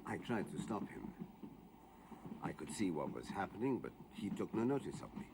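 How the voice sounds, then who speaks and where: Brief: pompous party official, very low lively voice, noisy track. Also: male voice, moderate pace, gravelly, heavily acted. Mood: formal. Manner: formal, accusing. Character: officious middle-aged male committee member. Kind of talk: 1980s TV drama acting. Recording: noisy film soundtrack.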